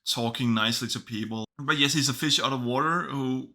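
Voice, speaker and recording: A man's voice: medium pitch, brisk, bright, forceful tone. A man casually reviewing films, chatty and enthusiastic. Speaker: film reviewer. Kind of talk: casual video review commentary.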